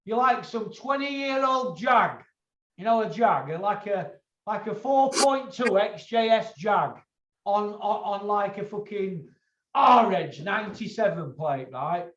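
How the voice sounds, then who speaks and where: A man's voice: sits high, lively intonation, slow pace, a bit bright, slight background noise. A man hosting a boxing chat show, blunt and lecturing, swearing freely. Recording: echoey, dull lo-fi room sound.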